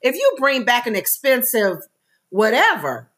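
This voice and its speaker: A woman co-host with a bright, animated voice chats in casual slang. She banters and laughs freely with her co-host on a relaxed talk show. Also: on the high side, a little slow. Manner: chatty, laughs often, informal slang.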